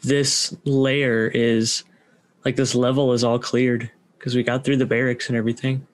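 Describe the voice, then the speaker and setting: A man's voice: mid-range voice, flat delivery, normal speed. A man playing in a tabletop game, speaking in a laid-back way. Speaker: player. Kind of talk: casual chat at a tabletop game.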